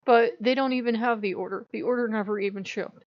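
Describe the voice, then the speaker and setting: A woman vlogger rants in a casual video, swearing heavily and sounding thoroughly fed up as she vents. Her voice is a little high with fairly even intonation, she talks a bit fast, and the lo-fi audio sounds dull but has no echo.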